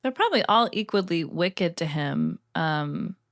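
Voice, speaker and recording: A woman's voice: fairly low pitch, big pitch swings, measured pace, a bit bright, no room sound, studio quality. A woman co-hosting a podcast as a first-time reader, skeptical and blunt in casual chat. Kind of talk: casual book-club chat.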